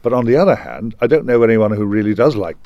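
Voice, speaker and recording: An older man from Liverpool speaks in a low, unhurried voice. He reminisces with halting restarts and a meandering flow, and the sound is dry with no room echo. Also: animated, muffled recording. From Liverpool, England. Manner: rambling, halting, many restarts. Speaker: guest actor. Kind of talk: reminiscing interview.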